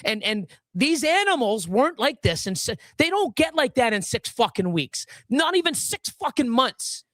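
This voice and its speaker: A woman's voice: on the high side, big pitch swings, normal speed, a bit bright, no echo. A woman hosting a livestream, ranting angrily with heavy swearing and many restarts. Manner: furious, profane, many restarts. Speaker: livestream host. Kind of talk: angry live-stream rant.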